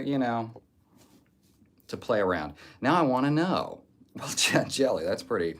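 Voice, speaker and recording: A man's voice: medium pitch, sing-song, unhurried, pauses often. A man streaming live, reading viewer comments aloud and answering with crude, jokey banter. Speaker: livestreamer reading chat. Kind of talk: casual livestream chat.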